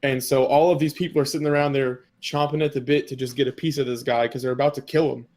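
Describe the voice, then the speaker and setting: A man's voice: mid-range voice, steady tone, fast talker, a little mellow. A man co-hosting a casual podcast, telling an anime episode's story in a rambling way with many fillers and quoted lines. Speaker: podcast co-host.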